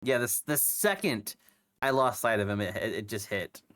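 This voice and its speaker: A man's voice: lowish voice, lively intonation, normal speed, a bit bright. A young man who is sick with a cough, chatting casually on his stream, rambling with lots of fillers and restarts. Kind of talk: casual chat.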